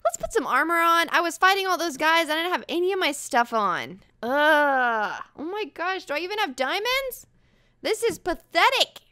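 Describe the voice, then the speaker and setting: A young woman narrating her game in a bubbly, theatrical way, acting offended for laughs. Her voice sits very high and swings around a lot. The tone is bright and clear. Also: sing-song, normal speed. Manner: bubbly, dramatic, mock-offended. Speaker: gaming channel host. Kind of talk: casual gaming commentary.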